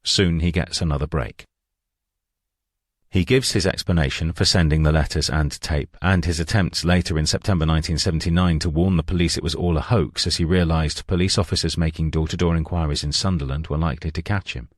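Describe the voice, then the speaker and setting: A man narrating a true-crime audiobook in a measured, even reading. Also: a bass voice, no room sound, clean studio sound.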